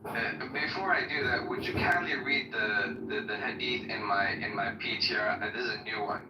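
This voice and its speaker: A man's voice: lowish voice, brisk. A man on a debate stream, teasing and quizzing the others. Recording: echoey room from a distance, faint noise.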